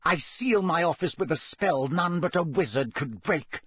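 A man's voice: a little high, lively intonation, normal speed, a bit bright, slightly rough, no room sound, voice pushed up. A man voicing a cold, cutting male schoolmaster in an audiobook, snapping in a clipped, icy way. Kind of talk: audiobook character voice.

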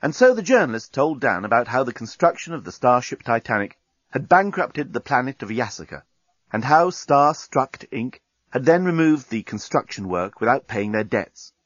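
A man narrating a comic science fiction story in a wry, measured way. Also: medium pitch, sing-song, no room sound, lo-fi sound. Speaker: audiobook narrator. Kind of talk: scripted narration.

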